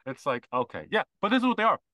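A man's voice: a little high, big pitch swings, racing, bright, forceful tone, no echo, low-quality recording. A man co-hosting a casual podcast, rambling and mocking, often mimicking other people's voices. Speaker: podcast co-host.

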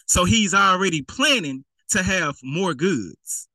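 A man's voice: high voice, animated, measured pace, few pauses, pushed and bright, dry recording, poor audio. A man preaching a conversational sermon to his congregation, playfully acting out a rich man in casual slang and laughing along with his own jokes.

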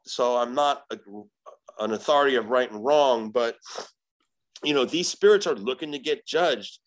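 A man's voice: medium pitch, normal speed, poor audio. Profane, rambling male podcast guest. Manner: profane, animated storyteller acting out voices; rambling with many fillers. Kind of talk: casual storytelling.

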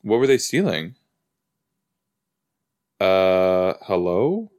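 Podcast guy rambling about a show he's watching, low voice, slow and loose. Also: very animated, a little mellow. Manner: chatty, rambling, lots of "like" and "you know". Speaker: podcast host. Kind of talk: casual watch-along commentary.

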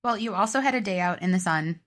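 A woman's voice: medium pitch, expressive, fast talker, fairly bright tone. A young woman co-hosting a podcast, chatting in an easygoing, upbeat way. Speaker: podcast co-host. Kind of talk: casual chat.

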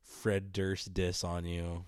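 A man's voice: low voice, monotone, takes it slowly, smooth, no room sound. A young adult man, a comedian co-hosting a podcast, joking in a laid-back, dry way. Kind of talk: casual podcast chat.

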